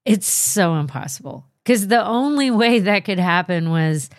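A woman co-hosting a podcast, telling a personal story in a slow, heartfelt, emotional way. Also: medium pitch, expressive, no room sound, clean studio sound. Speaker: podcast host. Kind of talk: casual chat.

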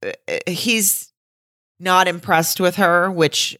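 A woman's voice: on the low side, steady tone, slow, bright, forceful tone, no echo, clean studio sound. A woman co-hosting a podcast, candidly chatting about a reality show, swearing and laughing often. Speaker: podcast co-host. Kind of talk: casual chat recapping a reality show.

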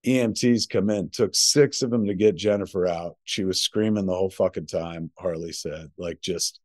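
A man's voice: low voice, normal speed, darkish tone, dry recording, studio quality. A middle-aged man co-hosting a podcast from home, telling a long, rambling story packed with profanity. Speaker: podcast co-host. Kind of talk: casual chat.

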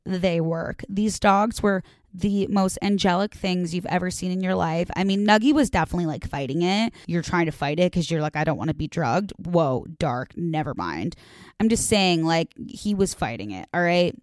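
A woman's voice: on the low side, no echo, clean studio sound. A young woman hosting a podcast, talking from her condo in a casual, dramatic confessional monologue full of "like" and casual swearing. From Chicago area, USA. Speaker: podcast host. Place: home, a condo.

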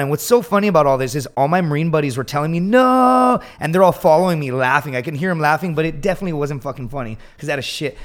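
Animated, profane man telling a story. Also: fairly high pitch. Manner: animated, profane, acts out quotes loudly. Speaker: podcast guest telling a story. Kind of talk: casual storytelling.

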